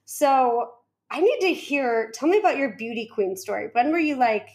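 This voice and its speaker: A woman hosts a podcast, chatting loosely, giggling and wandering off on tangents. Her voice is a little high and animated, at a normal speed.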